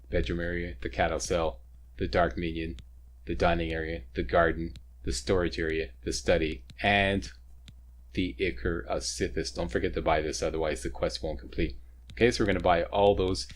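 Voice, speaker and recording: A man's voice: sits low, flat delivery, normal speed. A man hosting a video game walkthrough, chatty and joking as he explains each step. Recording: faint ambient noise, sirens nearby.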